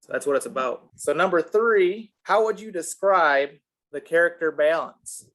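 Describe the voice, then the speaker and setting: Upbeat host, man, teasing, higher voice, casual game chat. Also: moderate pace, a bit bright. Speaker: discussion host asking questions. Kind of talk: casual group discussion.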